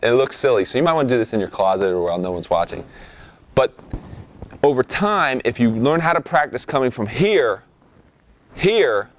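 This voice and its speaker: A young man talking through a hands-on vocal lesson in an easygoing, demonstrative way. His voice sits at an ordinary middle pitch, and he keeps checking in with his listeners, often tossing in an "okay?". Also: a little hiss or hum. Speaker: rap vocal instructor. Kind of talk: instructional talk.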